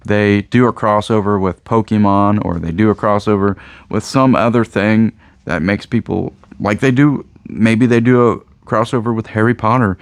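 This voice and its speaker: Rambling low-voiced Midwestern man. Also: no room sound, clean studio sound. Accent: American Midwest. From Indiana, USA. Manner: rambling, joking, repeats himself. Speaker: card shop owner and channel host. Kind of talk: casual rant to camera.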